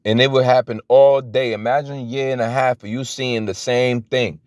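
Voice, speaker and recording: A man's voice: mid-range voice, fairly even intonation, normal speed, a little mellow, no echo. A young man giving a loose, conversational teaching talk as a preacher, full of restarts and fillers. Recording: dry, dull lo-fi audio.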